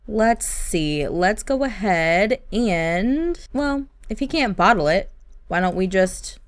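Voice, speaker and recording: A woman narrating life-sim gameplay as a story in a gentle, sympathetic way. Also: on the low side, no echo. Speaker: game storyteller.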